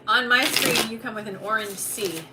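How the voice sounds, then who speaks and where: A woman's voice: fairly high pitch, fairly even intonation, normal speed. A woman hosting a live oracle card reading stream, chatty and reassuring, talking to viewers by name. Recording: distant mic with background noise.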